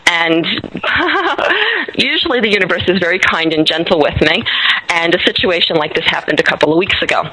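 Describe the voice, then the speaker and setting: A woman hosting an interview, telling a story in an animated way and laughing often. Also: lowish voice, quick pace, poor audio. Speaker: host.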